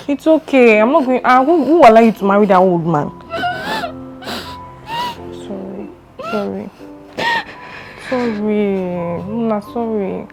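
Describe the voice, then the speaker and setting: A protective young Nigerian woman, speaking in a middle-pitched voice and repeating her reassurances. Clear film score music plays behind her. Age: young adult. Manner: soothing, repetitive. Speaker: daughter. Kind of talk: film drama acting.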